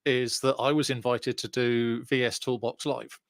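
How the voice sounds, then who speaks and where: A man's voice: medium pitch, level tone, moderate pace, no echo. Laid-back man, dry sound. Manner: laid-back, explaining the setup, easy laughs. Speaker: podcast co-host. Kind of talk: casual chat. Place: home, streamed online. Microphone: webcam setup on live stream.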